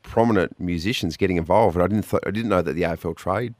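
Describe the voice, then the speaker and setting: A man's voice: deep voice, fast talker, a little mellow, no echo. A man hosting a radio show, upbeat and teasing, laughing often in casual studio banter. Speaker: radio host.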